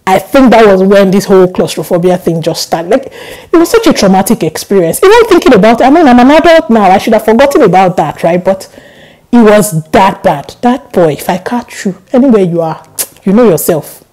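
A young woman vlogger chatting casually to camera, telling stories with animated laughs. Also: medium pitch, fairly quick, poor audio. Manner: animated storytelling, laughs often.

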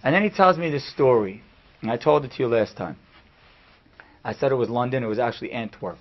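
A man, a rabbi giving a class, telling a story in an animated way that swings from hushed to loud. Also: medium pitch, brisk. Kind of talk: storytelling lecture. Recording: dull lo-fi recording.

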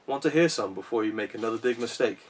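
A man's voice: medium pitch, expressive, fast talker, slightly rough, distant mic. A man reading a novel aloud, voicing a defiant young wizard hero who stands up to his enemy. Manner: defiant, insistent.

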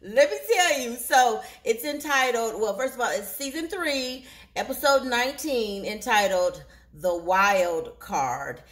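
Woman, fairly high voice, casual episode recap host, animated storyteller, acts out character lines. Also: measured pace.

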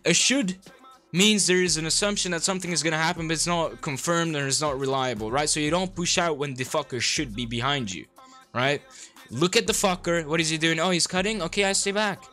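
A man's voice: fairly high pitch, a little fast, bright, forceful tone, soft background music. A young man coaching a player through a game replay, blunt, sarcastic and full of swearing.

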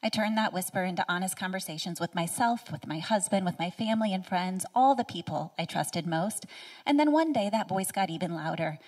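A woman's voice: fairly low pitch, lively intonation, a little fast, far from the mic. Earnest woman giving a heartfelt speech. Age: 30s. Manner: earnest, heartfelt, drops to soft near-whispers. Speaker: featured speaker. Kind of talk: prepared personal speech at a live event. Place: event stage.

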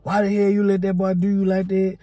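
A strict, tough mother lays down the law to her son in blunt, stern words, as a man retelling the story voices her. The voice is low and mellow. The sound is dry and close. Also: monotone, fairly quick, no echo.

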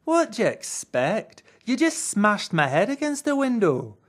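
A reader doing a gruff old hammerhead shark. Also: medium pitch, huge pitch swings, a little slow, voice pushed up. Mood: indignant. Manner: gruff, wry and teasing. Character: grumpy old male hammerhead shark toy. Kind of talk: storybook read-aloud.

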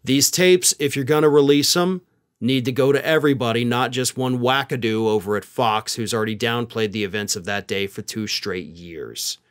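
A man's voice: medium pitch, moderate pace. A man hosting a political commentary monologue, speaking in a sarcastic, opinionated way. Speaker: host.

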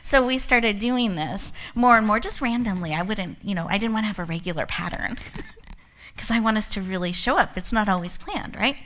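A woman's voice: medium pitch, moderate pace, a little hiss or hum. A woman hosting an event, giving a motivational talk full of personal stories and frequent laughter. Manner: laughs often, animated storytelling. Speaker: event host and speaker.

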